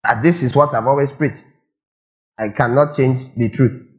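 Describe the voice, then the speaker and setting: A man's voice: medium pitch, steady tone, normal speed. A man preaching a sermon, firing rhetorical questions and repeating lines for emphasis. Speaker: pastor.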